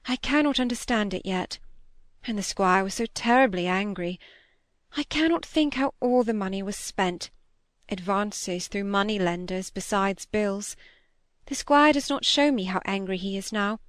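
A woman voicing a gentle, anxious older lady who is ill, speaking softly and unhurriedly in a storybook reading. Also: medium pitch, normal speed, no room sound, clean studio sound, natural voice. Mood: fretful.

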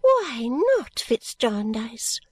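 A woman reads aloud as an eccentric old woman, high and fluttering, who gushes in breathless rapture. The voice sits far above the reader's own, recorded dry and close. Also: lively intonation, takes it slowly, a little mellow, no echo. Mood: indignant. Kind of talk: audiobook character voice.

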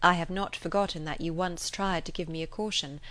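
A woman reading aloud, voicing a lively, proud young gentlewoman heroine, raising her voice for the part. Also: fairly low pitch, fairly quick, lightly acted. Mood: earnest.

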